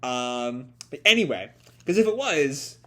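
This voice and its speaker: A man's voice: medium pitch, big pitch swings, measured pace, sharp tone. A young man hosting a live manga chapter reaction. He is tired and has a stuffy nose, and he rambles with many ums and corrects himself often.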